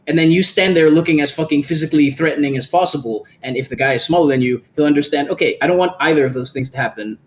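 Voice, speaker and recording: Animated profane man on a podcast. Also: on the high side, fast talker, few pauses. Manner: animated, profane, acts out quoted lines. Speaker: podcast host. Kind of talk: casual podcast chat.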